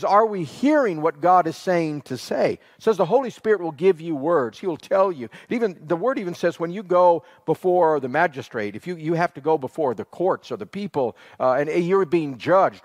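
A man preaching an earnest sermon, quoting scripture and slowing down on key phrases. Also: a little high. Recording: long hall reverb.

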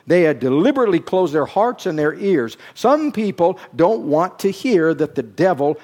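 Middle-aged preacher with dramatic swings. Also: male voice, big pitch swings. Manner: swings between hushed low phrases and loud, rising emphatic bursts; slow, drawn-out words for emphasis. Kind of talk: sermon.

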